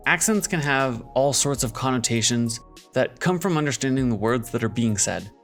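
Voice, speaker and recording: Measured male video-essay narrator. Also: mid-range voice, animated, a bit bright, soft background music. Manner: measured, analytical. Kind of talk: scripted narration.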